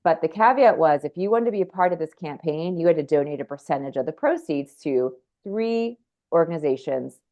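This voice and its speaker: A woman's voice: low-pitched, lively intonation, a little fast, dark tone, dull audio. A woman in her forties, a podcast guest, telling her story in an earnest, rambling way with frequent restarts. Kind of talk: candid conversational storytelling.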